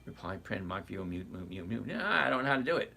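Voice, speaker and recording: A man's voice: on the low side, big pitch swings, fast talker, creaky, pushed and bright, slight background noise. A man in his sixties hosting a casual investing livestream, chatty and greeting viewers by name as he goes. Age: 60s.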